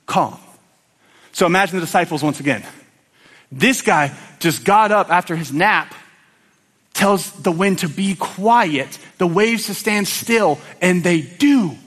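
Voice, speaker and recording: Male preacher, animated sermon delivery, higher voice, church hall reverb. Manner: animated, acts out scenes with voices.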